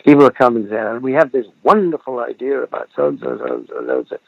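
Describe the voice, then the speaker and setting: Gravelly elderly man, muffled and dry. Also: mid-range voice, wildly swooping pitch, fairly quick, dry recording. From Britain. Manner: reflective storyteller, chuckles often, trails off mid-thought. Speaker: actor guest. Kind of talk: relaxed interview over a remote call.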